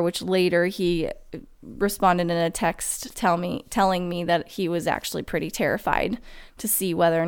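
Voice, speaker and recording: A woman's voice: lowish voice, clean tone. A young woman telling a personal story in a rambling way, full of "like" and restarts. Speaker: car crash survivor telling her story.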